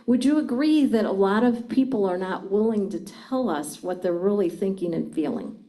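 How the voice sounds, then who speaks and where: A woman's voice: mid-range voice, normal speed, mellow, low-quality recording. Woman giving an engaging seminar talk. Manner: engaging, asks the audience questions. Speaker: communication trainer. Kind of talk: live seminar talk to an audience.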